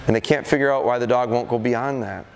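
A man's voice: mid-range voice, fast, gravelly. A middle-aged man, a dog trainer, leads a live seminar, telling stories and acting out what dogs and their owners say. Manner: anecdotal, acts out dogs and owners. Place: event hall at a deer festival. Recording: long reverb of a large hall.

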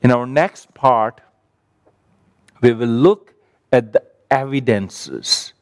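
A man preaching a sermon in a measured, emphatic cadence, building repeated phrases, and closing with a prayer. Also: medium pitch, no echo, studio quality.

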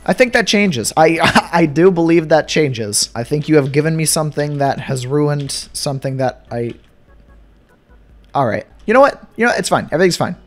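Excitable young man doing game commentary. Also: on the high side, moderate pace. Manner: excitable, sarcastic, swings from mock despair to glee. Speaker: gaming YouTuber. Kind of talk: casual gameplay commentary.

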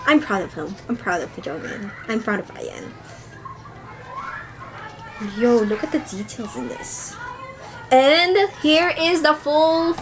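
A young woman, gushing with excitement as she chats through an unboxing vlog. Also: fairly high pitch. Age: young adult. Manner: gushing, squealing fangirl excitement. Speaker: vlogger.

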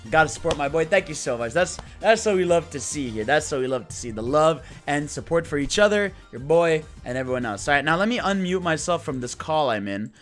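A man's voice: on the high side, lively intonation, fairly quick, few pauses, a bit bright, faint music behind. A young man hosting a live stream, talking to chat in a brash, profane, hyped-up way.

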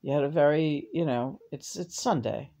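A woman's voice: sits low, normal speed, mellow. A woman channeling the spirit of a dead man who rambles, hesitates and makes crude jokes. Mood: rambling.

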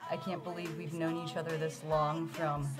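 A woman's voice: sits low, little pitch movement, normal speed, music in the background. A woman in her thirties giving a heartfelt recorded birthday greeting to her older sister. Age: 30s. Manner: heartfelt, earnest. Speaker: younger sister sending a birthday message.

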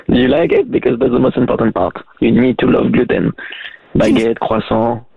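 A man's voice: medium pitch, normal speed, vocal fry, breathy edge, dry recording, phone-quality sound. A man from France calling in to a radio show, friendly and easy to laugh. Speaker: caller. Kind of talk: call-in chat.

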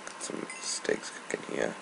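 A young man giving casual, annoyed gameplay commentary, rambling and swearing. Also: a little slow. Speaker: gamer. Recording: noisy home recording.

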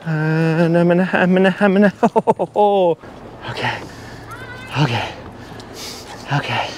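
A middle-aged man vlogging outdoors from a high forest walkway, nervous and breathless, laughing at himself and repeating his worries. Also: a little hiss or hum. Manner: jittery and self-mocking, laughs often, repeats himself. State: breathless from nerves. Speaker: travel vlogger. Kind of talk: nervous chatter to camera while walking a treetop trail.

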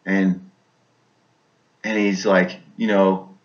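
A man's voice: lowish voice, takes it slowly, pauses often. Guy rambling thru his war memories, lots of "you know", dull lo-fi sound. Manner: rambling, repeats words, many fillers. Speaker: veteran telling a war story. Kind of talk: personal storytelling. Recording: dull lo-fi recording.

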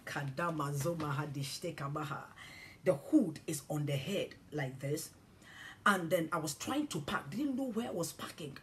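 A woman preacher telling a personal testimony in a sermon, swinging from hushed whispers to loud cries. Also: low voice, expressive, moderate pace, a little hiss or hum.

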